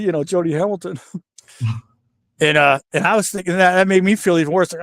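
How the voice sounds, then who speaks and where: As a guest in a casual interview, this retired pro wrestler talks quickly in a high-pitched voice, animatedly spinning stories and impersonating those he quotes. He curses freely, and the recording is dry with clean studio sound.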